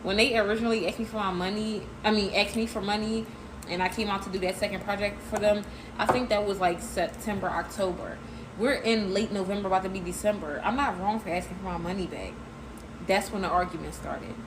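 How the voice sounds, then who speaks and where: A woman's voice: mid-range voice, fairly even intonation, brisk, background noise. A woman telling a personal story in a casual, emphatic way, speaking straight to her listeners. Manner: emphatic, addresses listeners as y'all.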